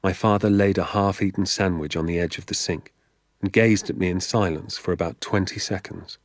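A man narrating a children's novel as an audiobook, with a measured storytelling delivery. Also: sits low, steady tone, no room sound, clean studio sound. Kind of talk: scripted narration.

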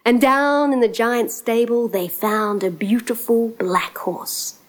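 This woman's oral folk tale unfolds slowly, dramatic and rhythmic, sinking into whispers at tense points over guitar music. Her voice is fairly high with fairly even intonation, and the recording quality is low.

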